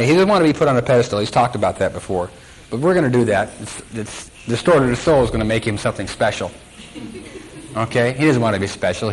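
A man's voice: on the low side, a little hiss or hum, low-quality recording. A man teaching a sermon who keeps quizzing his congregation and acting out quotes. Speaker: Bible teacher.

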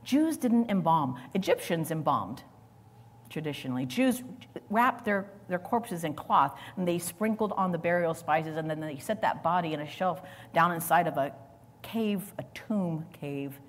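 Husky-voiced woman preaching in a reverberant hall. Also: fairly low pitch, animated, unhurried. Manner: dramatic, swinging from loud to near-whispered. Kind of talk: sermon.

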